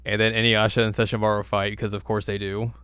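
Man, casual podcast co-host, playful recap, silly quick voices, dry close sound. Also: on the low side, level tone, a bit bright, smooth, dry recording. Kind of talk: casual chat recapping an anime episode.

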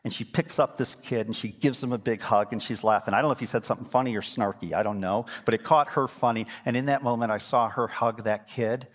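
A man's voice: mid-range voice, steady tone, quick pace, few pauses. A middle-aged man preaching a sermon as pastor, telling stories and building to emphatic, fervent points. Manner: storytelling, swings from quiet to emphatic.

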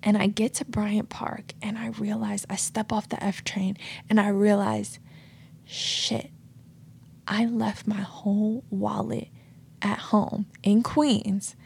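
An American woman in New York City hosts a reflective solo podcast, telling stories in a casual, earnest way full of "like" and "you know." Her medium-pitched voice has vocal fry and a darkish tone, with little pitch movement and a slow pace. Slight background noise is audible.

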